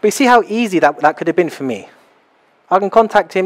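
A young man preaching a sermon in a small house church, animated and acting out little scenes as he talks. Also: high voice, quick pace. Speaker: pastor.

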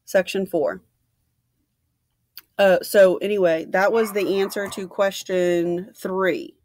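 A woman's voice: mid-range voice, steady tone, takes it slowly, darkish tone. A woman teacher reading a novel aloud for her class at home, with casual instructions in between. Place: room at home.

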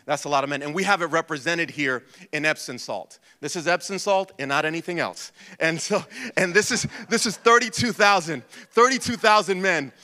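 A man in his thirties preaching a passionate sermon, shifting between urgent preaching and quiet storytelling. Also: fairly high pitch, moderate pace. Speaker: pastor. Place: church hall. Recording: long church reverb.

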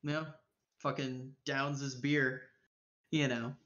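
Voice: medium pitch, flat delivery, takes it slowly, a bit bright. A game master narrating a tabletop game in a loose, profane way with lots of filler, on dull lo-fi stream audio.

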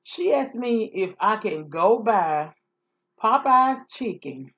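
A woman's voice: medium pitch, lively intonation, slow, a bit bright, dull audio. A woman vlogger chatting casually through a story, sassy and repetitive.

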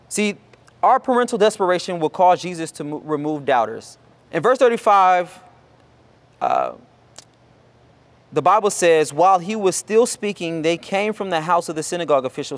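High-voiced man preaching a lively sermon. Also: fairly quick. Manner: acts out Bible characters in lively voices; informal, conversational preaching. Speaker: pastor.

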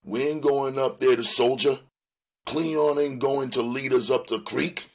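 A man's voice: mid-range voice, fairly even intonation, measured pace, pitched above the performer's own voice. A man voicing a level-headed young gang member who explains things firmly.

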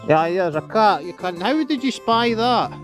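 Scottish man vlogging outdoors, high voice, chatty and sweary, faint music behind. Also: expressive, moderate pace. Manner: swearing, chatty, talks to his dog. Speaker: vlogger walking his dog. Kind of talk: casual chat while walking outdoors. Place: outdoors on a beach.

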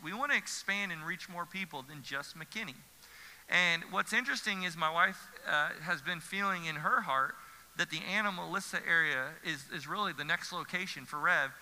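A man's voice: on the high side, normal speed, pushed and bright. A man, a pastor preaching an earnest sermon with emphatic repetition. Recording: church hall reverb.

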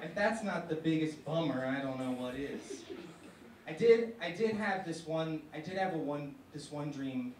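Halting young man doing stand-up. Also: on the high side, animated, a little hiss or hum. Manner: halting, with repeated restarts. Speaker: stand-up comedian. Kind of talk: stand-up comedy set. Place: university comedy stage. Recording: echoey room, from far off.

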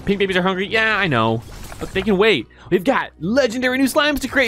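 An excitable young man narrating his gameplay, his fairly high voice leaping up and down as he swears and squeals with delight. Soft music plays underneath. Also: a little fast. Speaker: gaming streamer.

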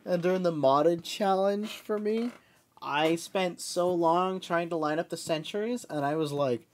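A woman's voice: lowish voice, a little slow, darkish tone, a little hiss or hum. A woman hosting a casual gaming podcast, teasing her co-host and swearing and laughing often.

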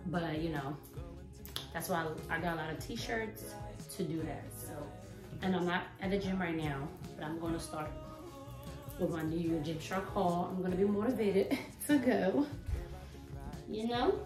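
A woman's voice: fairly low pitch, a little slow, long pauses. Chatty woman in an echoey room. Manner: chatty and playful, hyping herself up. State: out of breath. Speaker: vlogger. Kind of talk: casual try-on haul chat. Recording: roomy echo from far off, faint music.

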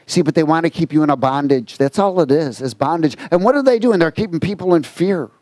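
Animated man preaching a sermon. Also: a little high, fast, no room sound. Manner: animated storytelling with quoted voices. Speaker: pastor.

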